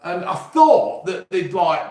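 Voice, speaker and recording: A man's voice: high-pitched, big pitch swings, slow, dark tone, echoey room. A man with an East Midlands English accent, rambling and swearing casually as he chats to viewers on his live stream. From England. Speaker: YouTube host.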